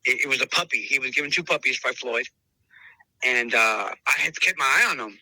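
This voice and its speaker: A man's voice: mid-range voice, fairly quick, bright, forceful tone, dry recording, rough recording. A man telling stories about his breeding dogs in a podcast interview, often repeating and restarting words and calling the listener bro and brother. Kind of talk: animated storytelling in conversation.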